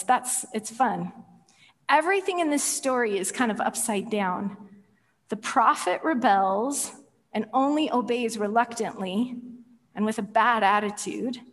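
A woman preaching a sermon, retelling a story playfully and posing rhetorical questions. She speaks slowly, with a fairly high voice. Her words ring through a church hall with long reverb.

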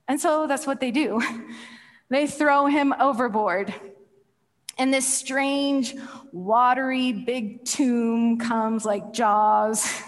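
A woman's voice: on the high side, steady tone, takes it slowly. A woman preaching a sermon, telling a story playfully with laughs and rhetorical questions, in a church hall. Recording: long reverb of a large hall.

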